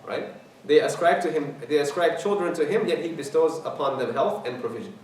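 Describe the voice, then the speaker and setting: Fast-talking imam in an echoey hall. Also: male voice, a little high, a little mellow, slight background noise. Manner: explanatory, repeats key words, quick Arabic recitation. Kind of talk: tafsir lecture. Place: mosque hall. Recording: very echoey hall, mic at a distance.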